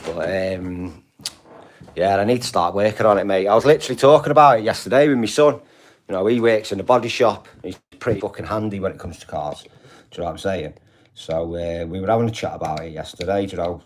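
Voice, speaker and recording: On a live stream, an older man rambles loosely in a voice on the low side, talking fairly quickly. He swears freely and keeps asking "do you know what I mean," with a little hiss or hum in the audio.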